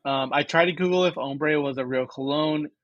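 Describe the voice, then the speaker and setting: A man's voice: a little high, normal speed, no echo, dull audio. A man in his twenties co-hosting a podcast, chatting casually through an episode recap with lots of fillers and teasing. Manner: rambling, filler-heavy, teasing. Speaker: podcast co-host.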